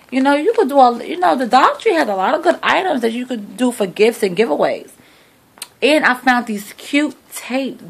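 Gravelly-voiced chatty woman vlogger. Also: a little high. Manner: chatty, sassy, talks to viewers like friends. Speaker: vlogger showing a shopping haul. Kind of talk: casual chat to camera. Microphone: phone camera.

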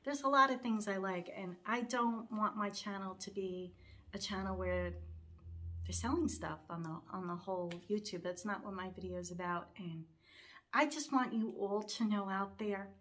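Speaking at an ordinary speed, this cross-stitch vlogger has a medium-pitched, fairly bright voice. The middle-aged woman shares a heartfelt personal story in a casual, meandering way, often restarting and using fillers while sounding near tears.

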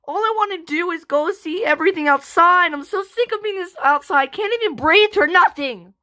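A woman's voice: very high voice, moderate pace, sharp tone. Carlene, a woman playing a whiny begging daughter. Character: pleading, sulky adopted daughter, young woman. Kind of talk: amateur home-made family drama.

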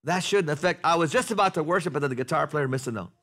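A man preaching a sermon to a congregation in a church, talking conversationally, asking the room questions and building to loud, animated passages. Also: fairly high pitch, fast. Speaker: pastor. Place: church sanctuary before a congregation.

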